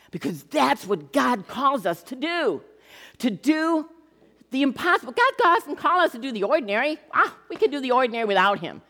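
Woman, middle-aged, pastor, conversational sermon, humorous, long church reverb. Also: on the high side. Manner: conversational, animated preaching with humor.

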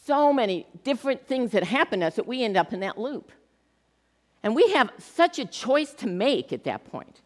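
A middle-aged woman pastor giving a sermon in a church, talking in an animated, conversational way with touches of humor. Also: medium pitch. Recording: long reverb of a church hall.

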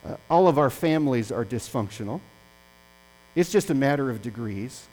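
A male pastor preaching a sermon, impassioned and swinging between loud and hushed. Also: mid-range voice, animated, moderate pace, poor audio.

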